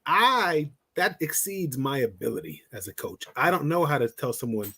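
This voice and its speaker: A man with a breathy, husky voice talks relationships as a coach on a podcast. He is blunt and lively, swears casually, and acts out everyday scenes to make his point. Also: medium pitch, normal speed, hardly any pauses.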